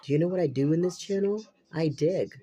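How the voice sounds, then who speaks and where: A man's voice: fairly high pitch, fairly quick, mellow. A man with a congested, stuffy nose giving a casual tarot reading, repeating himself and exclaiming with casual swearing. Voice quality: unusual voice. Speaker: tarot reader.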